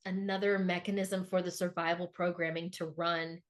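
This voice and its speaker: A woman's voice: lowish voice, little pitch movement, moderate pace. A middle-aged woman speaking earnestly and emphatically in a reflective podcast conversation, often repeating words for emphasis. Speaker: podcast co-host.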